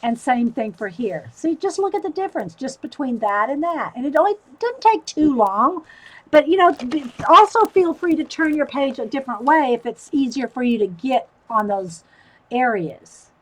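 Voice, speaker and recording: A woman's voice: sits high, lively intonation, normal speed, a bit bright, low-quality recording. A woman hosting a live stream, chatting casually through a coloring demo and answering viewer comments.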